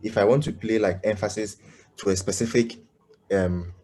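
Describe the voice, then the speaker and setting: Deep, halting male coding teacher. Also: steady tone, dark tone, a little hiss or hum. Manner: halting, many fillers, keeps asking "you understand?". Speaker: coding instructor. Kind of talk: live online coding lesson.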